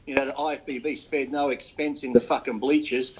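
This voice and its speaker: A man's voice: medium pitch, steady tone, brisk, a crowd in the background, low-quality recording. A man, a crude guest who laughs through his stories in a casual chat.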